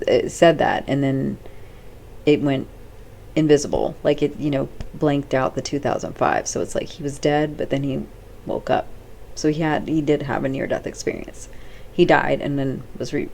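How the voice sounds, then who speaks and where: A woman's voice: extremely low pitch, creaky, darkish tone, a little hiss or hum. A woman vlogger talking casually to viewers in a rambling, off-the-cuff way, with many fillers and restarts. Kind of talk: casual talk to camera.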